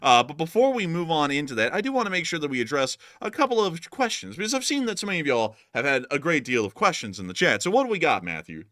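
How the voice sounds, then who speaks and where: A man's voice: fairly high pitch, big pitch swings, quick pace, hardly any pauses, a bit bright, no echo, clean studio sound. A man with a Southern US accent hosting a casual war news livestream, folksy and rambling, repeating his thanks to supporters.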